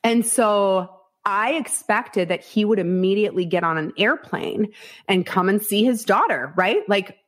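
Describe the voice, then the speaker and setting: Speaking a little slowly in a mid-range voice, a woman from Iowa in the United States guests on a podcast for a candid storytelling interview. She recounts her story frankly and animatedly, acting out quotes, with frequent swearing and laughter.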